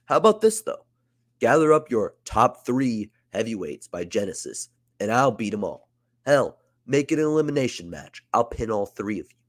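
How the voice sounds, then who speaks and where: A man's voice: mid-range voice, very animated, normal speed, natural voice. A man voicing a cocky male heavyweight champion who taunts his rivals. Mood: taunting.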